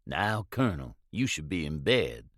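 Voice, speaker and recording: A man voicing a patient older manservant who speaks calmly. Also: very deep voice, measured pace, no room sound, studio quality, voice pushed down, exaggerated voice. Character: patient older male servant.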